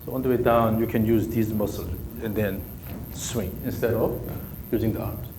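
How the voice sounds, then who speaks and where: Low-pitched and steady, this Korean-accented man speaks at a moderate pace as he runs a golf student through drills with brief, repeated cues. The live coaching session was captured in an echoey room with faint ambience and a noisy background.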